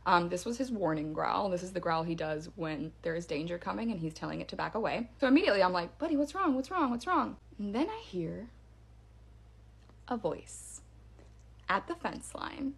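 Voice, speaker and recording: A woman's voice: lowish voice, animated, moderate pace, creaky, husky. A woman casually telling a first-person scary story in a chatty way, with fillers and restarts.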